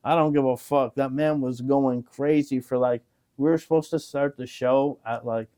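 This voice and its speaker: A man hosting a casual podcast, talking fast and loose with lots of swearing and bursts of mimicry. His voice sits mid-range and sounds dry and close, with no room around it. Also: medium pitch, no room sound. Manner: animated, profane, loud mimicking of others. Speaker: podcast host. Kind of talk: casual chat.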